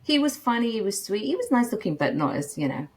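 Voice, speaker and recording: Animated storytelling woman, middle-aged. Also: mid-range voice, quick pace. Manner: animated, laughing, acts out quoted voices. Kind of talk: casual storytelling.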